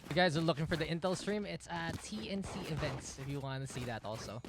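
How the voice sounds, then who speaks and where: A man co-casting an esports match in casual banter, playful and teasing with quick laughs. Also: a little high, background noise. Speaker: esports caster.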